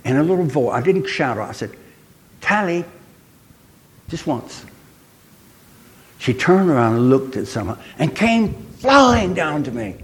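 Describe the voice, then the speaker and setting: A man's voice: fairly high pitch, big pitch swings, moderate pace. Older guy preaching, chatty stories, asks the room questions, voice jumps around a lot. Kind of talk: sermon.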